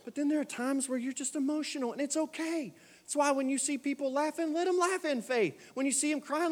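A pastor preaching a sermon in a church, moving from soft, quiet asides to shouted exhortations. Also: male voice, very high voice, big-room sound. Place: church sanctuary.

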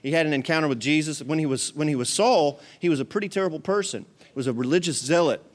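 A man's voice: on the high side, fast talker. A male pastor preaching a sermon in a conversational way, repeating his key points for emphasis.

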